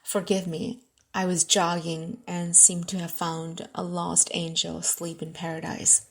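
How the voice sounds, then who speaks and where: Woman doing a smooth flirty english gentleman, soft and low, courtly talk, storybook romance. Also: monotone, unhurried. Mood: flirtatious.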